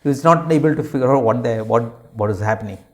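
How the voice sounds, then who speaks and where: A man's voice: mid-range voice, fast talker. A man, a monk and spiritual teacher, giving a spiritual talk that he builds from rhetorical questions, each answered with a firm no, with frequent hesitant fillers and restarts.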